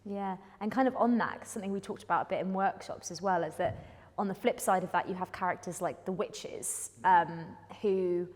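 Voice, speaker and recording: A British actress talks through her ideas in a reflective, lively way. Her voice is slightly low and rings out in a reverberant hall. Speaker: actor. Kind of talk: discussing a play.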